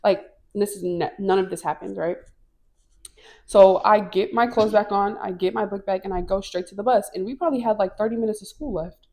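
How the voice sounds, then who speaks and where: A young woman co-hosting a casual talk show, telling a long story with plenty of swearing. She gets loud and lively when she acts out the people in it. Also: mid-range voice, fairly quick. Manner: animated, swearing, acts out quoted people loudly. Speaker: podcast co-host.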